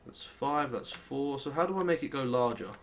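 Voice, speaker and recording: A young British man hosts his gameplay session in loose, rambling commentary. He thinks out loud and pokes fun at his own mistakes, in a middle-pitched voice close to a desk mic. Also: expressive, moderate pace, slight background noise. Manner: rambling, self-deprecating, thinks aloud while playing. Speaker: let's play host.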